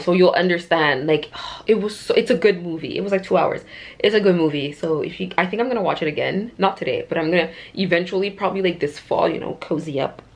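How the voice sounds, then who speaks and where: A young woman vlogging in a casual, bubbly way, chatting on with lots of fillers. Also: low voice. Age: young adult. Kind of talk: casual vlog chat.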